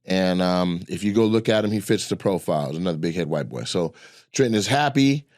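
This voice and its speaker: Low-voiced man in loose animated chat. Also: a little fast, no echo, studio quality. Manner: loose, animated storytelling with quoted voices and swearing. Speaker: comedian and podcast co-host. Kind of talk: casual opinion chat.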